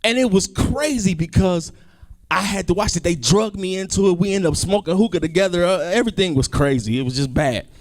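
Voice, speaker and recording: A male comedian doing a stand-up set, animated, swinging between loud outbursts and low asides. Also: brisk.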